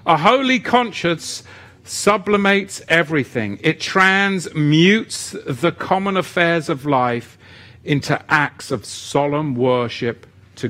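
A man leads a live-streamed teaching session and reads his viewers' chat aloud. His voice is bright and pushes forward, and he talks at an unhurried pace. He greets people by name and drops in playful asides. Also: a little high. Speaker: livestream teacher.

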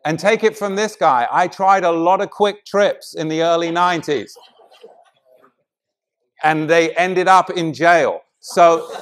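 This high-pitched, middle-aged preacher alternates between forceful, loud delivery and soft, intimate stretches in his sermon.

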